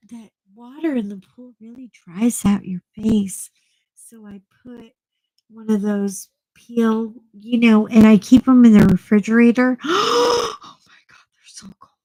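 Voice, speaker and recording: A woman's voice: mid-range voice, dark tone, poor audio. A woman with a Texan accent rambling chattily to her viewers in casual, salty talk. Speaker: vlogger. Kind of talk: casual chat.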